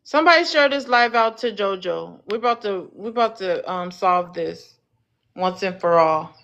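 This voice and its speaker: A woman's voice: mid-range voice, expressive, a bit bright, lo-fi sound. A woman hosting a live panel on her phone, teasing guests and cutting in to steer the talk. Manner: teasing, bossy, quick to cut in. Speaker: TikTok live panel host. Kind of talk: casual live-stream chat.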